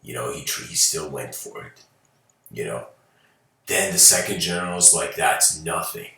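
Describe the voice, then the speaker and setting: A man's voice: very deep voice, moderate pace, creaky, bright, forceful tone. A man giving a lecture, telling a story casually with many fillers and chuckles. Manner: loose and rambling, heavy on fillers, chuckles. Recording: roomy, from a distant mic.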